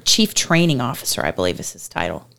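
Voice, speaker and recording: A woman co-hosting a running podcast in casual chat, halting and full of short affirmations. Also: a bass voice, big pitch swings, gravelly, a bit bright. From Florida. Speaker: podcast co-host.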